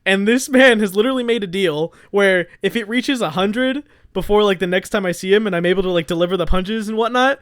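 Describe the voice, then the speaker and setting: A young man co-hosting a podcast has a high, somewhat bright, clean-toned voice, talking fairly quickly with hardly any pauses. In casual chat he rambles through stories, laughs a lot, and acts out his friends' lines.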